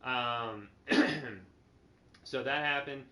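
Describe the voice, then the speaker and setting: A man hosting a casual chat about a video game, blunt and quick to swear. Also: medium pitch. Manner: blunt, swears freely, mocks flat voices. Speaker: channel host. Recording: echoey room with faint noise.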